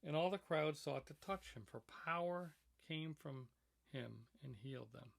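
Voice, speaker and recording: Gravelly man reading and teaching scripture. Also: medium pitch, expressive, fairly quick. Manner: reads passages aloud, then comments with fillers and restarts. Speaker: teacher reading a weekly message.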